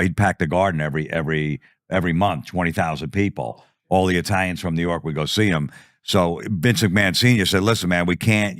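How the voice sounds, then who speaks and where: Low-voiced man telling a profane story. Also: no room sound, clean studio sound. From New Jersey. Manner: profane, animated storytelling with acted-out quotes. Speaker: comedian guest. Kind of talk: comic storytelling.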